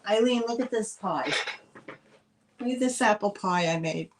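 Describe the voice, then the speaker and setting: Chatty New York woman hosting a live sale, slow and easygoing in delivery. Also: mid-range voice, fairly bright tone. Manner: chatty, greets chat viewers by name. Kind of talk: live-stream selling chat.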